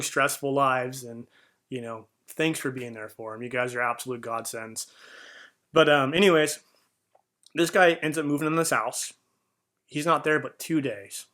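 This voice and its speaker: Male host with a forceful, earnest voice and a mid-range pitch, talking casually. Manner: earnest storytelling with many fillers. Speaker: podcast host. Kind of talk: casual reflective monologue.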